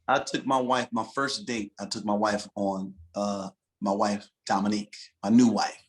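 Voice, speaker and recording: A Detroit gospel singer and pastor tells stories during a casual podcast conversation, his voice lowish and his pace moderate. He's an animated storyteller who says "man" a lot.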